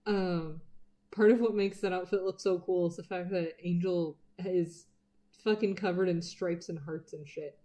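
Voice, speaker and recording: A woman's voice: lowish voice, steady tone, unhurried, mellow. A woman chatting casually while drawing on a live stream, rambling and swearing freely, often dropping to a murmur as she works. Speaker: art streamer.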